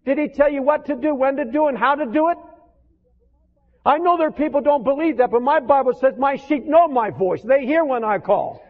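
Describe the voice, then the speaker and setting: Impassioned older preacher, tinny hall recording. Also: male voice, very high-pitched, fairly quick. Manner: impassioned, rising to emphatic declarations, reads scripture in old-fashioned wording. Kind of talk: sermon. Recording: tinny phone-like archival recording with long hall reverb.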